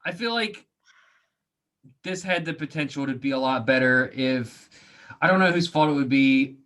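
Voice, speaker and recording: A man's voice: mid-range voice, moderate pace, fairly bright tone. A man co-hosting a podcast, chatting casually and giving rambling, opinionated takes on a movie. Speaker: podcast co-host.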